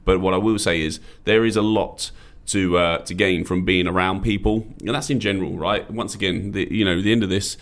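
A British man in his thirties co-hosting a podcast, rambling and joking in casual chat. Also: sits low. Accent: British English. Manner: rambling, jokey, puts on drunk-bloke voices. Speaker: podcast co-host.

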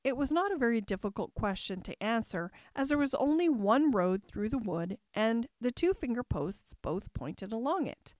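A woman's voice: on the high side, very animated, normal speed, hardly any pauses, darkish tone, dry recording. Woman narrating a storybook, dry close sound. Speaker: audiobook narrator.

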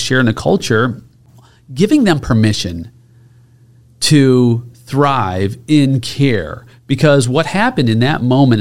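A man's voice: medium pitch, darkish tone. A man hosting a podcast interview, making long reflective points in a conversational way. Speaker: podcast host.

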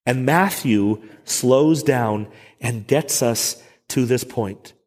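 A man's voice: medium pitch, slow, a little mellow. A middle-aged man preaching a Sunday sermon as pastor, conversational, with self-deprecating asides. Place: church sanctuary. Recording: long church reverb.

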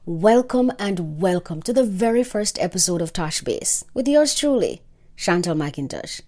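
A woman's voice: on the low side, expressive, measured pace, a little mellow. A young woman from Jamaica hosting her own podcast, reading an upbeat, emphatic monologue. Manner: upbeat, emphatic, list-like delivery. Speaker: podcast host.

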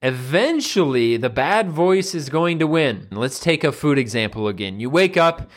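A man's voice: fairly high pitch, expressive, moderate pace. Casual man giving a motivational talk. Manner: casual, conversational, acts out quoted voices. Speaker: nutrition coach and personal trainer. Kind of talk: motivational monologue.

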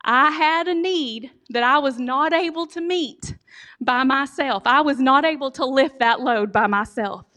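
Woman, high voice, storytelling sermon, animated, humorous. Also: a little slow. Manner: animated, humorous, addresses audience directly. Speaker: speaker giving a church talk.

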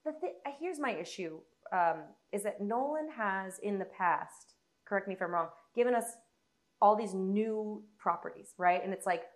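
A woman's voice: medium pitch, lively intonation, moderate pace. Chatty woman podcast host. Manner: chatty, laughing, swears casually. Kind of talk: casual movie chat.

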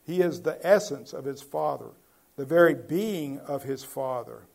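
A man's voice: medium pitch, unhurried, gravelly, a little mellow. A man preaching a Bible-teaching sermon in a conversational way, asking his listeners questions and building to emphatic points.

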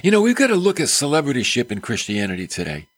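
Man, preacher, lively sermon delivery, husky voice, dry close sound. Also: medium pitch, fast, no room sound. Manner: animated, conversational preaching with rhetorical questions.

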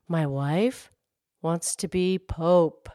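A woman's voice: on the low side, very slow, warm tone, dry recording, clean studio sound, pitched below the performer's own voice. A woman doing a timid pleading fisherman. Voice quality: fearful, pleading.

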